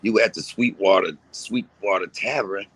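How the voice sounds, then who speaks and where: A man's voice: lowish voice, normal speed, fairly bright tone, breathy edge, no echo, poor audio. A man, ranting to his viewers in a profane, confrontational and mocking way. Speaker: live-streaming commentator. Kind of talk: casual rant to viewers.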